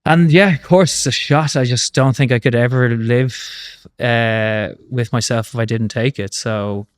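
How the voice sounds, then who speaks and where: A man in his thirties with an Irish accent, a guest telling his story in a casual interview, animated and swearing casually, with lots of fillers. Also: medium pitch, unhurried, clear, resonant tone. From Ireland. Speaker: guest, former rugby player.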